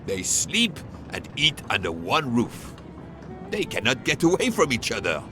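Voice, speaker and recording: An actor voicing a middle-aged railway director in a video game, speaking in an expansive, theatrical way. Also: male voice, medium pitch, huge pitch swings, measured pace. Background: game music.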